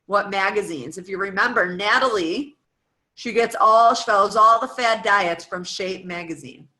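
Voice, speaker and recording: A chatty American woman in her thirties, guest-speaking to fitness coaches, works through a coaching worksheet while firing off one question after another, her loose talk full of "um" and "like." Her voice is bright, forward and medium-pitched at a moderate pace, and the audio is poor.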